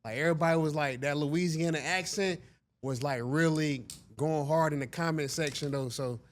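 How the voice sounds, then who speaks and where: Male podcast host, laid-back and slangy, fairly high voice. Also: moderate pace. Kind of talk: casual interview talk.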